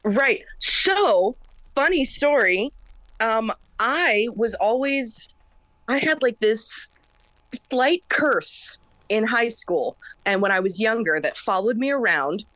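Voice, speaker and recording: A woman in her thirties, a singer-songwriter guest, talking fast and intensely in a casual interview. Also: a little high, no room sound. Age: 30s. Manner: fast, intense, animated talker.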